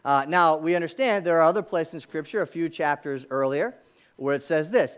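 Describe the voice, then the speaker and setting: A man's voice: fairly high pitch, a little fast, clear, resonant tone. A man preaching a sermon as pastor of his church, talking conversationally with asides and rhetorical questions. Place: church sanctuary.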